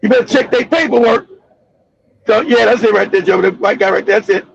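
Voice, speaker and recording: A male live stream host giving heated, profane political commentary, ranting and often shouting. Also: high voice, brisk, creaky, slightly rough, lo-fi sound.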